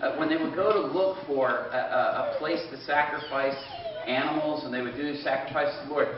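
A pastor preaches in a large church hall, retelling a story in a lively, rambling way with frequent restarts. His voice is a touch higher than most men's and comes from a distance, with heavy echo and a dull, muffled tone. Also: a little fast, background noise. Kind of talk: sermon. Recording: echoey room, distant mic, dull sound.

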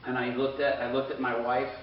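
Distant preacher in an echoing hall. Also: male voice, mid-range voice, monotone, brisk, a little hiss or hum. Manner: conversational, quoting others with "he goes". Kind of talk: storytelling sermon. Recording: echoey, distant, dull hall sound.

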